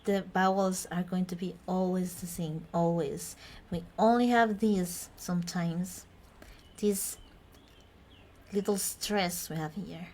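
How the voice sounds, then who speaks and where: Slow-speaking woman teacher. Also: fairly low pitch, steady tone, darkish tone. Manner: chatty, self-correcting, laughs between points. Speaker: Spanish teacher. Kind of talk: informal language lesson.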